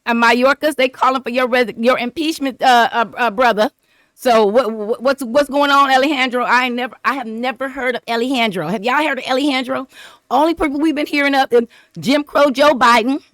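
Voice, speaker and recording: Black woman ranting on her vlog, kinda high voice, repeats stuff a lot, dry close sound. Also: dry recording. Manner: rambling and animated, repeats herself, laughs often. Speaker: vlogger. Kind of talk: casual political commentary vlog.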